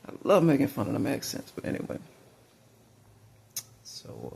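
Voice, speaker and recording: A man's voice: medium pitch, animated, moderate pace, vocal fry, pauses often, a little mellow, slightly rough. A man from Mississippi, telling rambling personal stories full of fillers and restarts. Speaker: vlogger.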